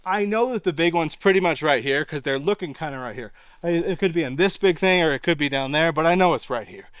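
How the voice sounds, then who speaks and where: Standing outdoors in a wooded area, a man casually recounts a hunt he witnessed, rambling, saying "like" constantly and pointing things out "right here." His voice is a little high, fast, a bit bright and smooth. There's no echo, but the recording is muffled.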